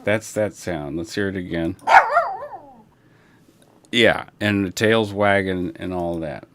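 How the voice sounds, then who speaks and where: A man hosting a livestream, chatting casually and rambling in a relaxed way, talking through a broadcast console. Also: deep voice, takes it slowly, heavy background noise. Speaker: livestream host. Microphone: broadcast console setup.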